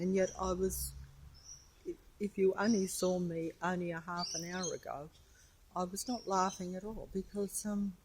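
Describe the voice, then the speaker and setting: Walking along a residential street with her phone in hand, a woman vlogger chats to the camera in a medium-pitched voice with a breathy edge. She's talkative and wanders from topic to topic, addressing both viewers and her cat.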